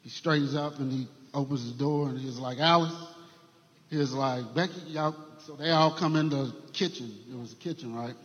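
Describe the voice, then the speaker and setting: A man's voice: mid-range voice, fairly bright tone. Earnest guy telling his testimony, lots of uhs and restarts, echoey hall, kinda muffled. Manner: earnest, halting, with fillers and repeated starts. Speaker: guest sharing testimony. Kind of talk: church testimony, storytelling. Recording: dull sound with long hall reverb.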